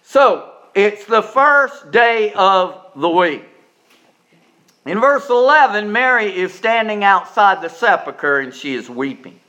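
A man preaching a sermon, folksy and emphatic, jumping from quiet asides to loud stressed lines and often repeating words as he starts a sentence. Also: sits high, very animated, slow, dull audio.

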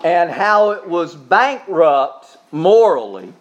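A man's voice: high voice, big pitch swings, slow pace, lo-fi sound. A man preaching a sermon in a church service, with emphatic repetition, Bible reading and a spoken prayer, asking the congregation to repeat after him. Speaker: pastor.

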